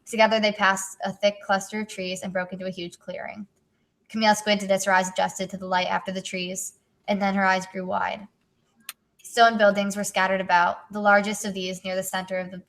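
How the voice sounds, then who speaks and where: A woman's voice: medium pitch, flat delivery, brisk, a bit bright. Teen girl author, casual read-aloud with joking asides. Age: teens. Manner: giggly, adds joking asides while reading. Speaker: author and co-host. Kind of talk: reading her own story aloud in a casual chat.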